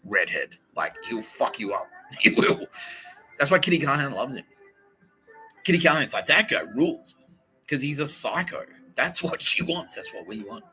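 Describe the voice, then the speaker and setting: Profane, excitable man riffing. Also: medium pitch, normal speed, faint music behind, poor audio. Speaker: podcast host. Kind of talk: rambling comedic monologue.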